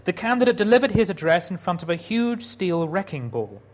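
Man, higher-pitched voice, wry storytelling, dry humor, prepared public talk. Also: sing-song, brisk. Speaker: speaker giving a talk.

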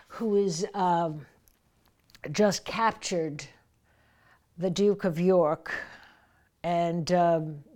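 A woman's voice: mid-range voice, a little mellow. A woman voice coach explaining how to breathe through verse lines, now and then reading lines aloud with force. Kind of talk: teaching verse speaking with readings.

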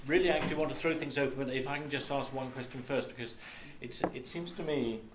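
Hesitant male moderator, echoey hall, faint room hum. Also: medium pitch. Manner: hesitant, halting questions. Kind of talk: panel Q&A.

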